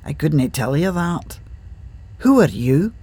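A proud old Scottish ghost, as a narrator puts him on speaks in a lilting, sing-song Scottish accent, firm and a touch husky. This audiobook figure is an elderly royalist, chest out and sure of his line. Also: medium pitch, big pitch swings, slow pace, mellow, heavily acted. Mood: puzzled. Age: older. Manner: proud, broad Scots phrasing.

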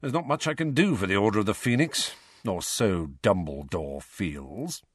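A man's voice: mid-range voice, lively intonation, quick pace, no echo, studio quality, voice pushed up, lightly acted. A man doing a sarcastic, bitter godfather. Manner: sarcastic, drawling. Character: bitter, sardonic male godfather, middle-aged.

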